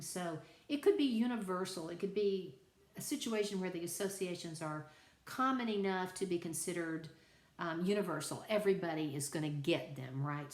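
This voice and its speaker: A woman's voice: on the low side, a little mellow. A middle-aged woman teaching a college writing class in a chatty, conversational lecture style with asides to her students. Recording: echoey room.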